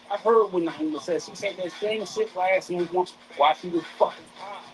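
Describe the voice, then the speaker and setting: A man's voice: high voice, moderate pace, hardly any pauses, low-quality recording. A man streaming live craps and rambling in profane, restart-heavy casual chat. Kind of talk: casual chat while gambling.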